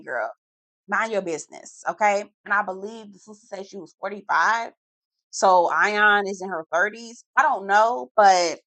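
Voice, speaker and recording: A woman's voice: medium pitch, dry recording. A woman giving a blunt, slang-heavy reality TV recap, stretching out words for emphasis. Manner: sassy, slangy, blunt commentary; lively, drawn-out emphasis. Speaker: TV recap reviewer.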